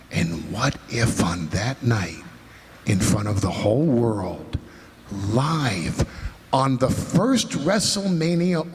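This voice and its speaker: A man delivering a dramatic wrestling promo, posing slow, brooding rhetorical questions and sometimes dropping to a whisper. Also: medium pitch. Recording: long hall reverb.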